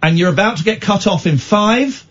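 A man's voice: high-pitched, lively intonation, fairly bright tone, slightly rough. A man hosting a late-night radio phone-in, joking and teasing callers. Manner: jokey, teasing, quick to interrupt. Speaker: radio host. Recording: dull lo-fi radio broadcast.

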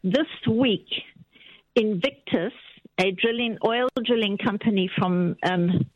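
A woman's voice: medium pitch, takes it slowly, no echo. Woman caller on a dull phone line. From Brighton, England. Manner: earnest, conspiratorial theorising with giggles. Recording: dull phone-call sound.

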